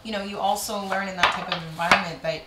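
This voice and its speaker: A woman's voice: lowish voice, fast, heavy background noise. A young adult woman, a stand-up comic, telling stories in a casual chat and swearing freely. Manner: animated storyteller, swears freely. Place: kitchen. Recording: roomy kitchen with clattering dishes.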